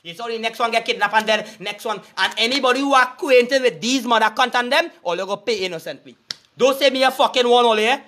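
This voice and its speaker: A man's voice: extremely high pitch, fast talker, sharp tone. A man with a Trinidadian accent delivering an angry, profane street rant in heavy Creole dialect, cursing and making threats. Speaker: vlogger.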